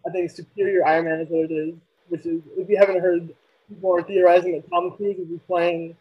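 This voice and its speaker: A man's voice: high-pitched, level tone, a little fast, husky. A man co-hosting a casual podcast chat, explaining at length with lots of fillers. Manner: rambling, filler-heavy explaining. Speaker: podcast co-host. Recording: dull lo-fi mic.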